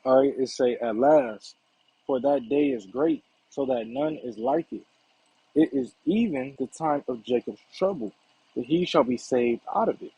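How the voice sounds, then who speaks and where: A man's voice: medium pitch, a little slow, warm tone, breathy edge, dry recording. A man giving a casual Bible lesson in a conversational way, often checking in with "right?" and "all right". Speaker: Bible teacher. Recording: dull lo-fi recording.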